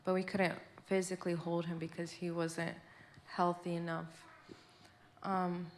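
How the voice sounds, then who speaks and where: A woman's voice: on the low side, little pitch movement, measured pace, a little hiss or hum. A young woman sharing her testimony alongside her husband. She speaks plainly and hesitantly, with many fillers. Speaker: mother giving testimony.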